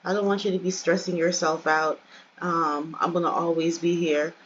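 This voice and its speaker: A woman's voice: on the low side, little pitch movement, normal speed, lo-fi sound, slight background noise, natural voice. A woman voicing a laid-back young male student who comforts his girlfriend in an easygoing, reassuring way. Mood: comforting.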